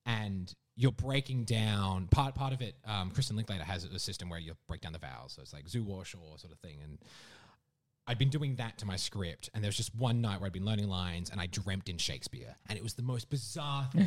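Young Australian man, mild accent, lower voice, animated storyteller who acts out quotes. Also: fairly quick. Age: 20s. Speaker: guest performer. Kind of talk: casual interview storytelling.

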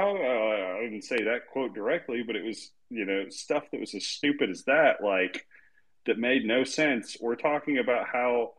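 A man's voice: mid-range voice, moderate pace, a bit bright, poor audio. A man hosting a casual online group chat, rambling and laughing often as he tells stories. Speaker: host of a live audio chat room.

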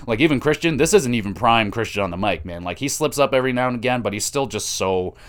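A man hosting a podcast, casually recapping wrestling matches in a profane, excitable, rambling way. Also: medium pitch, fast talker. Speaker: podcast host.

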